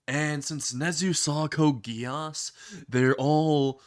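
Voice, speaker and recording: A man's voice: fairly high pitch, fairly even intonation, drawn-out words, no echo, studio quality. A man casually narrating a crude comedy story, laughing at his own jokes.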